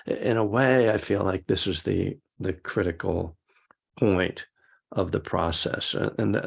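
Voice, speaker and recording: A man teaching a meditation class, talking in a halting, reflective way with frequent restarts. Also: sits low, vocal fry, breathy edge. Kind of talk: casual dharma talk to a class.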